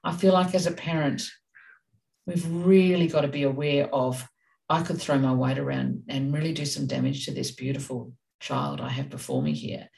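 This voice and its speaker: A woman's voice: very deep voice, animated, moderate pace, creaky, darkish tone, far from the mic, low-quality recording. A woman co-hosting a parenting talk, speaking in a direct, passionate, emphatic way. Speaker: parenting podcast co-host. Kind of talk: casual discussion.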